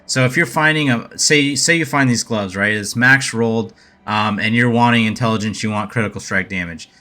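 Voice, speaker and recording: A man's voice: fairly low pitch, brisk, pushed and bright. A man casually walking through a game update over his slides, hesitant and thinking aloud as he goes. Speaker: gaming video creator.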